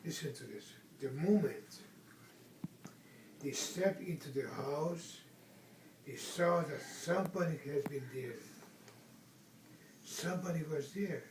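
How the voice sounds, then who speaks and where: Grandpa reading a bedtime story at home, slow and gentle, echoey room, mic a bit far. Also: male voice, fairly high pitch, background noise. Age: older. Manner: gentle, asks the child questions.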